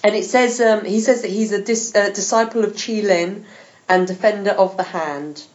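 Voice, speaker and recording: A woman's voice: medium pitch, moderate pace, muffled recording. A woman hosting a podcast, chatting with enthusiasm and laughing often. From England. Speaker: podcast host. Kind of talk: casual chat.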